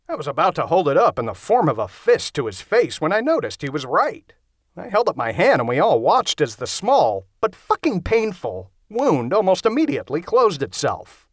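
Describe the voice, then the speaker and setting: A man's voice: a little high, huge pitch swings, normal speed, no echo, clean studio sound. A man narrating a horror-comedy audiobook in the first person, with a wry, conversational delivery.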